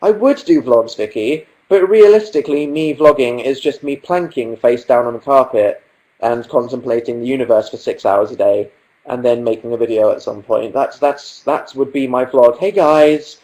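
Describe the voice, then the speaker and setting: Young guy on a webcam livestream, deadpan and self-mocking, just chatting from his sofa. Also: mid-range voice, moderate pace, poor audio. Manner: dry, self-mocking, reading out and answering viewer questions. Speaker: livestream host. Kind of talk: casual livestream chat. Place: indoors at home on a sofa.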